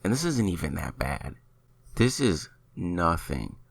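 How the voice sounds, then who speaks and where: Low gravelly-voiced man hosting a podcast. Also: very animated, a little slow, no room sound. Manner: opinionated, rambling. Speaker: podcast host. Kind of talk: solo casual podcast commentary.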